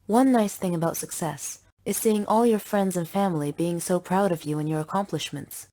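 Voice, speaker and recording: Mellow, lower-voiced young woman narrating. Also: normal speed. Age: young adult. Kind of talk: scripted first-person story narration.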